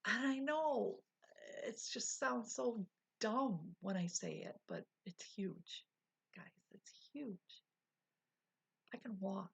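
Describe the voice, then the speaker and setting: Woman, 40s, husky, slow casual storyteller who acts out dialogue and slips into whispers. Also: fairly high pitch. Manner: animated retelling, acting out quotes, drops to whispers. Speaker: vlogger.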